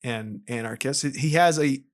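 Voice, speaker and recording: A man's voice: medium pitch, normal speed. A man co-hosting a podcast in casual chat, making sarcastic jokes and swearing casually. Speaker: podcast co-host. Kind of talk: casual chat recapping a film.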